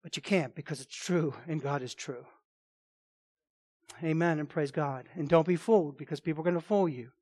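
Male pastor, sermon, high voice, emphatic, repeats and restarts. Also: moderate pace, darkish tone. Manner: emphatic, repetitive, with frequent restarts.

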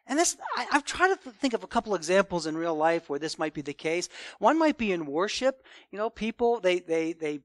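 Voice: mid-range voice, big pitch swings, brisk, few pauses, no room sound. A preacher giving a Sunday morning sermon in an emphatic, conversational way.

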